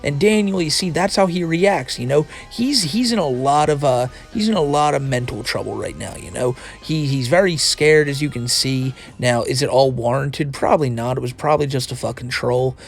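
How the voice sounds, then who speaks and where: A man's voice: medium pitch, moderate pace, creaky, hardly any pauses, soft background music. A man hosting a casual video commentary, rambling and swearing freely. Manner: rambling, profane, restarts a lot. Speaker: commentary host.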